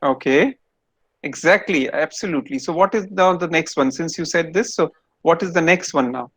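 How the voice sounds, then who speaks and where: A man's voice: on the high side, normal speed, fairly bright tone, breathy edge, dry recording. A man giving an online lecture to students over a video call, explaining step by step and quizzing them.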